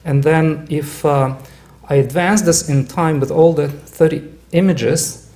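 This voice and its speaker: Halting man giving a club talk. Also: a little high, steady tone, a little mellow. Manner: halting, many fillers and restarts. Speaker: club presenter. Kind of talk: casual club presentation. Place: club meeting room.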